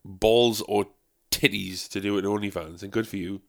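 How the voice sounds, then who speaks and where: Man, young, podcast host, sweary, jokey, rambling, lowish voice. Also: fairly even intonation, moderate pace. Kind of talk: casual podcast chat.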